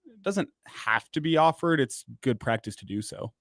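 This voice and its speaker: A man co-hosting a casual chat, speaking in a measured way as he takes the umpire's side. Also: medium pitch, expressive, a bit bright, no room sound, studio quality. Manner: measured, weighs both sides. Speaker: co-host, umpire perspective.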